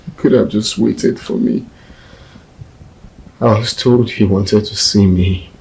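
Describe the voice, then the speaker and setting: An actor playing a grief-stricken young man who speaks low and subdued. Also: fairly even intonation, slow pace, darkish tone, slight background noise, low-quality recording. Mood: grieving. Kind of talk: film drama acting.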